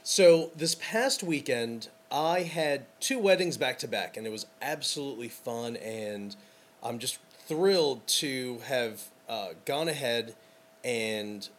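A man hosting a casual podcast as a wedding photographer, talking in an enthusiastic, rambling way with lots of fillers. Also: mid-range voice.

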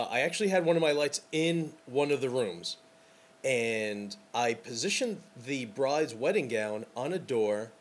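A wedding photographer hosts a casual podcast, speaking with a medium-pitched voice. He's enthusiastic and rambling, using lots of fillers.

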